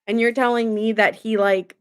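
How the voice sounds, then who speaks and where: A woman's voice: fairly high pitch, flat delivery, normal speed, clear, resonant tone. A young adult woman giving a casual tarot reading to camera, talking emphatically with lots of filler words and open indignation. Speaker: tarot reader.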